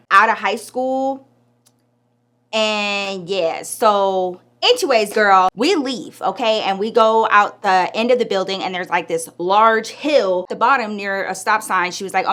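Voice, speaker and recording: A woman casually telling a personal story in a chatty, animated way, full of slang and asides. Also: medium pitch. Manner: chatty, animated, lots of "like" and "girl".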